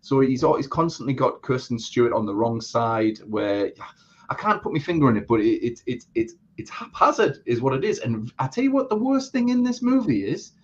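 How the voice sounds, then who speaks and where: A man's voice: medium pitch, big pitch swings, a little fast, slightly rough, lo-fi sound. A man co-hosting a casual live chat, blunt and sweary, with a lot of restarts. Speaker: co-host.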